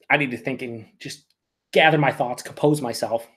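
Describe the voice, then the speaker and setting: A man doing a live beer review, talking excitably and swearing a lot as he reacts to each sip. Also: mid-range voice, normal speed. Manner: excitable, profane, emphatic.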